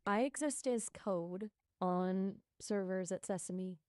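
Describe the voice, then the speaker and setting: A woman's voice: mid-range voice, takes it slowly, a little mellow, no room sound, studio quality. A woman's voice acting as a conversational AI assistant, apologetic and explanatory as she answers questions. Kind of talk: conversational AI chat.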